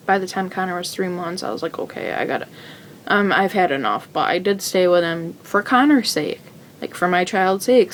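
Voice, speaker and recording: A woman's voice: fairly low pitch, slight background noise. A teenage woman telling her own story in a rambling, casual way, full of fillers and restarts. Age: teens.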